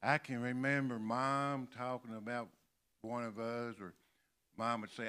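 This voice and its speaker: An older man from Kentucky preaching a sermon in a church, slowly stressing and repeating key words. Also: on the low side, fairly even intonation, bright, forceful tone. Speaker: pastor. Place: church sanctuary.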